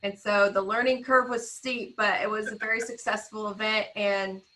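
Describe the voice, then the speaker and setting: Bright enthusiastic woman, guest on a video call interview, chatty storytelling. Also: mid-range voice, fairly even intonation, moderate pace, rough recording. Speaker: guest, podcast founder.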